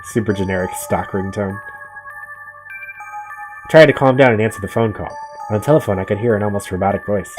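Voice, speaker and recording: Young guy doing a let's play, kinda low voice, jokey asides, little music under it. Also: brisk, long pauses. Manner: casual, joking asides between dramatic read-outs. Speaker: gamer. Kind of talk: let's play commentary, reading game text aloud.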